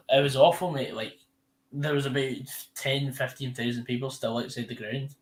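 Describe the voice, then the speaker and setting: A man's voice: medium pitch, fairly even intonation, moderate pace. A young Scottish man hosting a live football watch-along, chatting casually and correcting himself as he goes. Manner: rambling, self-correcting, chatty. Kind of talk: casual live commentary chat.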